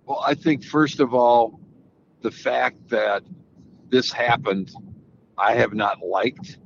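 A man's voice: medium pitch, takes it slowly, gravelly. Older guy rambling about golf on a podcast, restarts a lot, kinda muffled audio w faint noise. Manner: relaxed, rambling with frequent restarts. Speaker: golf analyst guest. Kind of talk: casual interview answers. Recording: slightly dull audio with faint background noise.

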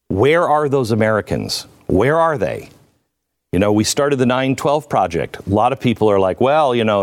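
A man who is a guest commentator, speaking in deliberate, impassioned commentary that rises to fervent appeals. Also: medium pitch.

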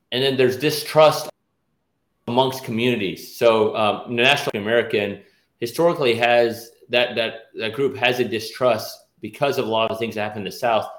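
A man's voice: fairly low pitch, fairly bright tone, echoey room. A middle-aged man from the American South, an orthopedic surgeon interviewed as a guest, talking with many restarts and fillers. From Nashville, US South. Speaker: guest, orthopedic surgeon and task force chair. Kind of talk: interview conversation.

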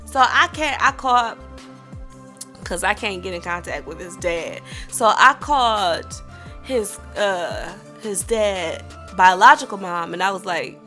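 A woman telling a personal story in a casual vlog, animated and profane, acting out the other people in it. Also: mid-range voice, a little slow, soft background music. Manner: animated, profane, acts out voices in her story.

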